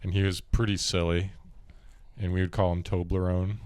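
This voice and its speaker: Male podcast host, deeper voice, loose rambling chatter, dry mic. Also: flat delivery, moderate pace, darkish tone, dry recording. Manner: rambling, many "like"s, laughs easily. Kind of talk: casual chat.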